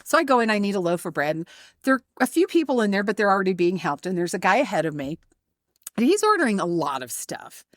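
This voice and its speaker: A middle-aged woman co-hosting a podcast, telling a story in a casual, animated way, laughing often and acting out the people in it. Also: mid-range voice, quick pace, no room sound, clean studio sound. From not from Charleston. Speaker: podcast co-host.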